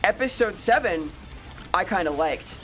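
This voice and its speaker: A woman's voice: lowish voice, animated, measured pace, fairly bright tone, a little hiss or hum. Ranting, profane woman streamer. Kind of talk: casual live-stream chat answering viewers.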